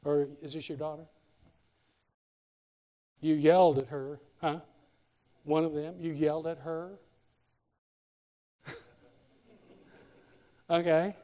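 A male pastor preaching a sermon in a church, animated and speaking directly to members of the congregation by name. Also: a little high, slow, pauses often, long reverb tail.

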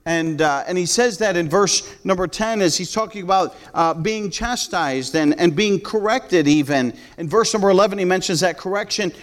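Male pastor, higher voice, earnest conversational sermon delivery with frequent restarts. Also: normal speed, few pauses. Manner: earnest preaching with repeated "hey" and restarts.

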